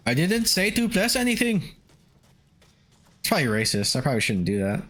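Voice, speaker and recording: A young man streaming a video game, chatting with viewers, swearing and yelling at the game in between. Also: fairly high pitch, a little fast. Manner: animated, swears and yelps at the game, laughs often. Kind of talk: casual gameplay livestream chat.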